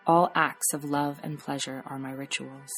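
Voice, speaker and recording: Low-voiced woman narrating a story. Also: level tone, fairly bright tone, faint music behind. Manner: measured, reflective reading. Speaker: podcast host.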